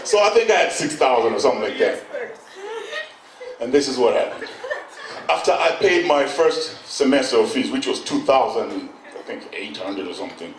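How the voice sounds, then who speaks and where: A middle-aged Kenyan man doing stand-up storytelling, animated, acting out voices and bursting into shouts. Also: medium pitch, normal speed, recorded from a distance. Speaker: stand-up comedian. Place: event hall on stage. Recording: echoey hall, mic from afar, noisy.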